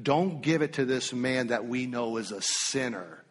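A male pastor preaching an animated, emphatic sermon to his congregation in a church. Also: medium pitch, unhurried, big-room sound.

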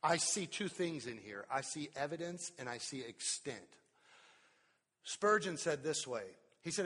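A middle-aged man preaching a sermon as pastor, swinging from soft drawn-out words to loud emphatic bursts. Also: fairly high pitch, expressive, husky. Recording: long hall reverb.

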